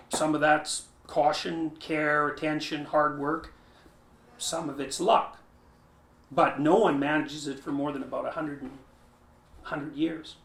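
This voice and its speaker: Emphatic man, roomy sound. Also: a little high. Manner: emphatic, lively storyteller with frequent restarts. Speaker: interview guest, psychology professor. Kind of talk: thoughtful conversational explanation. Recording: roomy echo.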